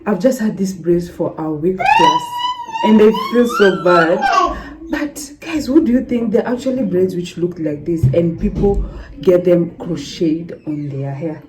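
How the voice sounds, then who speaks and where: A woman's voice: on the low side, wildly swooping pitch, measured pace. A woman chatting casually to her viewers in a home vlog, often calling them "guys.". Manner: chatty, keeps saying "guys". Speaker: vlogger. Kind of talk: casual vlog chat to camera. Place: home with building work nearby. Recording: noisy home phone recording.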